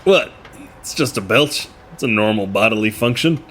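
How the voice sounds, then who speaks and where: An actor playing a weary, drink-sodden male assistant who sounds flustered, flat and jaded. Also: on the low side, moderate pace, slight background noise.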